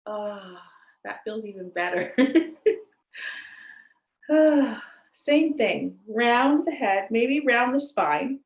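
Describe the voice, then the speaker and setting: A woman teaching a chair yoga class, giving gentle, cheerful instructions and laughing often. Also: fairly high pitch, expressive, extremely slow, long pauses, muffled recording. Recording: echoey room.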